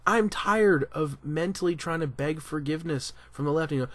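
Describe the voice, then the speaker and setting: A man talking through a casual opinion commentary, animated and emphatic, often restarting his sentences. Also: on the high side, moderate pace, no room sound. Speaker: commentary vlogger.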